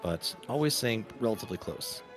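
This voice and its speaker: A man's voice: lowish voice, expressive, fairly quick, over music. A man narrating as game master of a tabletop game, laid-back and hesitant, full of ums.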